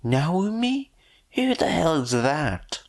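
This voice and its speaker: A man voicing a brash, pushy middle-aged woman who claims to be a long-lost mother, speaking in a shrill, indignant way. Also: sing-song, takes it slowly, heavily acted. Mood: shocked.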